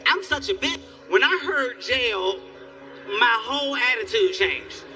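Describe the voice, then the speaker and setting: A man doing stand-up comedy, telling a profane story in an animated, exasperated way. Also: extremely high pitch, measured pace. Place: live comedy venue. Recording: distant live stage recording with faint music.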